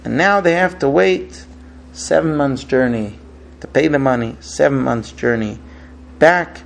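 A man's voice: mid-range voice, unhurried, creaky, a little hiss or hum, rough recording. A man giving a religious talk, telling a parable and acting out its dialogue with rising emotion. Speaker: rabbi. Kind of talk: sermon with a parable.

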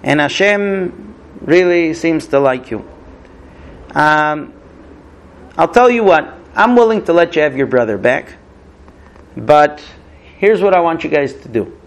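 A man's voice: fairly high pitch, expressive, measured pace, pauses often. A man voicing Yosef, a powerful ruler bargaining with his brothers, in a casual conversational way with fillers.

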